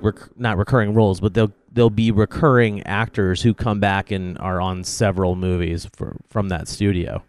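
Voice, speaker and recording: A man's voice: lowish voice, slight background noise. A man co-hosting a film commentary, chatting wryly and packing in trivia. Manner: knowledgeable, wry, trivia-heavy. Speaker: podcast co-host.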